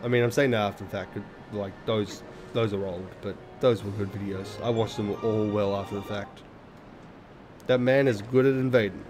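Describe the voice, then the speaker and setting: A man's voice: on the low side, fairly even intonation, normal speed. A man playing a video game and commenting in a rambling, self-deprecating way, swearing often. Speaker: let's play gamer. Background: video game music.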